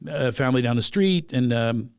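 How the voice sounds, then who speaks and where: A middle-aged man from Philadelphia hosting a podcast, telling stories in a lively, animated way and quickly agreeing with his guest. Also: mid-range voice, clear, resonant tone, no echo, clean studio sound. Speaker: podcast host. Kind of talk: casual conversation.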